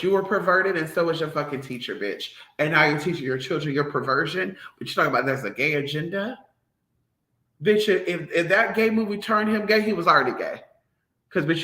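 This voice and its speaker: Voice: mid-range voice, bright, forceful tone, roomy sound. A vlogger ranting to the audience in a sassy, profane, emphatic way. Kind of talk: ranting commentary to camera.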